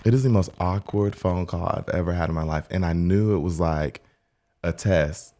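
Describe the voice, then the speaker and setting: A young man co-hosting a podcast, telling a story in a rambling way with lots of "like", and jumping into high mock voices when he quotes people. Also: normal speed, mellow. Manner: rambling retelling with many "like" fillers. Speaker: podcast co-host and hair stylist. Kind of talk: casual storytelling chat.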